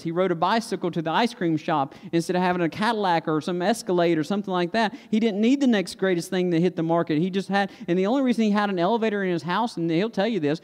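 A man preaches in a folksy, confessional style, talking to his listeners. His voice sits a little high for a man and rings with a long reverb in a big hall. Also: a little mellow. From Stokes County, North Carolina. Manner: folksy, confessional, acts out family dialogue. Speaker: pastor. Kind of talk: sermon storytelling.

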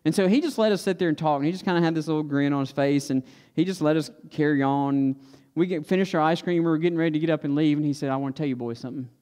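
A man's voice: on the high side, steady tone, fast, a little mellow, clean tone, big-room sound. A man from Stokes County, North Carolina, preaching a sermon and telling a childhood story in a folksy, confessional way. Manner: folksy, confessional, acts out family dialogue. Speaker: pastor.

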